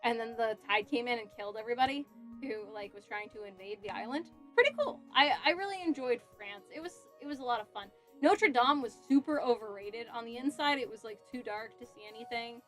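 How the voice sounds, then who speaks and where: A woman's voice: fairly high pitch, brisk, a bit bright, soft background music. A young adult woman chatting casually on a cosplay livestream while she works, telling stories with frequent giggles. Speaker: cosplay streamer.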